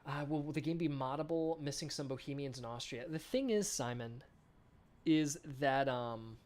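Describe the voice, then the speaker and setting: A man's voice: medium pitch, normal speed, darkish tone. A man hosting a game developer live stream in a casual chat, reading viewer comments aloud and answering them with enthusiasm. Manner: enthusiastic, chatty.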